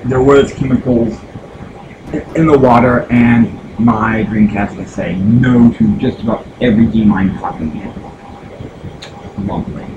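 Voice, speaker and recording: Dude streaming old games, slow and rambling, lots of ums, humming noise behind him. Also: male voice, mid-range voice, dull audio. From United States. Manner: rambling, halting, many fillers and restarts. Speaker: gaming streamer. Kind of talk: casual live-stream chat.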